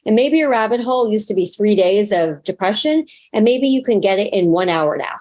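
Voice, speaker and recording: A woman spiritual teacher and healer chats as an interview guest. She is animated, playing out her own inner dialogue and cursing with ease. Her voice sits at an ordinary middle pitch. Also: a little fast. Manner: animated, acts out her inner voice, swears freely. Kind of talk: casual interview conversation.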